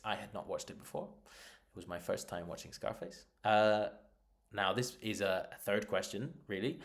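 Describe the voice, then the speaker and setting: A man teaching a beginner English lesson, patiently repeating example sentences slowly and clearly. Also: fairly low pitch, animated.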